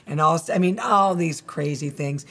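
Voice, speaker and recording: A woman's voice: deep voice, moderate pace, creaky, a bit bright. A middle-aged woman giving a candid, rambling testimony in an interview, often laughing as she talks. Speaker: guest.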